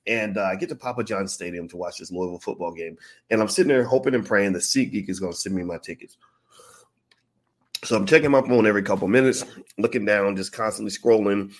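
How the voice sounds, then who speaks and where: A man's voice: fairly low pitch, quick pace. A man casually telling a long, profane personal story, acting out the voices of the people in it. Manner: animated, profane, acts out quoted voices.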